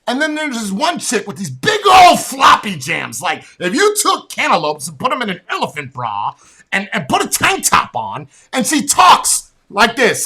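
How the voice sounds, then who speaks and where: A man rants on a casual podcast, blunt and profane. His voice is bright and husky, and his pitch swings widely as he tells the story with animation. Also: huge pitch swings, moderate pace. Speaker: podcast host.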